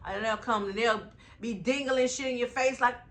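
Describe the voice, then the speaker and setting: A young woman telling a casual travel vlog story in slangy, animated talk straight to her viewers. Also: a little high, moderate pace. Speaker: travel vlogger.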